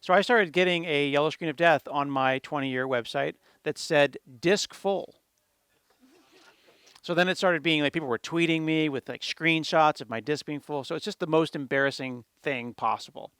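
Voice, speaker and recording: A man's voice: fairly high pitch, moderate pace, clear, resonant tone, no echo, studio quality. A middle-aged man giving a conference talk, telling a jokey story and acting out the people in it. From United States. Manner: lively, jokey, acts out quoted dialogue. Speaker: conference speaker.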